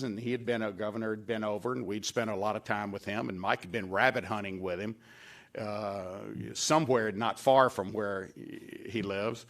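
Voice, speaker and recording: An older man giving a tribute speech at a dedication event, telling folksy anecdotes and acting out the lines he quotes. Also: mid-range voice. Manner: folksy storyteller, acts out quoted lines with a raised voice. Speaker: former staff member giving a tribute speech. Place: event hall at a podium.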